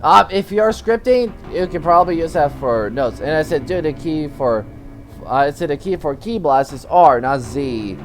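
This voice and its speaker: A man's voice: a little high, expressive, normal speed, soft background music. A teenage boy who tells a story casually and reads chat messages aloud. He rambles, often stumbles and restarts, and says "you know what" in place of swear words. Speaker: channel host.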